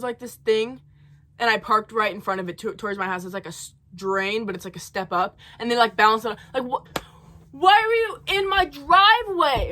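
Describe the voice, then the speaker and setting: A woman's voice: mid-range voice, bright, forceful tone. A young woman in college telling a profane, heated storytime rant in her own rambling way. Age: young adult. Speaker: college student vlogger.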